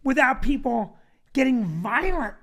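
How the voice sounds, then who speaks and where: A man's voice: very high-pitched, big pitch swings, unhurried, bright, forceful tone. A middle-aged man hosting a comedy talk show, telling rambling, wry stories in casual chat. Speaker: comedian host.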